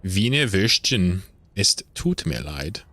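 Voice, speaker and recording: Low-voiced, joking male streamer. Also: sing-song, slow pace, bright, forceful tone, no room sound. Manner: joking, rambling, swears casually. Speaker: game streamer. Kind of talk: casual live-stream chat.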